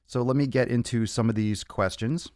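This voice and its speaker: Answering viewer questions on a fitness podcast livestream, this young man is brash, profane and joking, speaking from a home studio set up with monitors and cameras. He talks at a normal speed in a steady, medium-pitched voice with a darkish tone, and there's no room sound.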